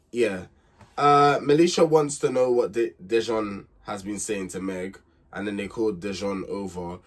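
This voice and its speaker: A man's voice: on the low side, slightly rough. A young man hosts a casual reality TV recap, chatty and candid, repeating himself and getting emphatic when he gives his opinions.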